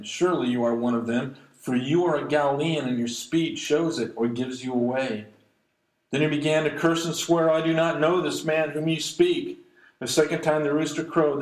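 A man preaching an expository sermon, reading scripture aloud and commenting on it, slowing down to stress key lines. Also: mid-range voice, darkish tone. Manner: reads verses aloud then comments, slows for emphasis. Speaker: pastor. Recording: echoey room.

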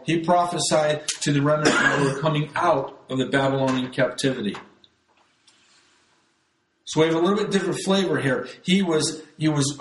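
A man's voice: a little high, roomy sound, rough recording. A man teaching from the Bible in a conversational sermon style, talking to his listeners as folks. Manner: conversational, addresses listeners as folks, frequent restarts.

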